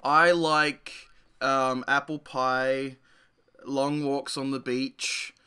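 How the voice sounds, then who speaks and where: Bright-voiced Australian man, animated chat. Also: mid-range voice, extremely slow, smooth. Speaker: podcast co-host. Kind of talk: casual podcast chat.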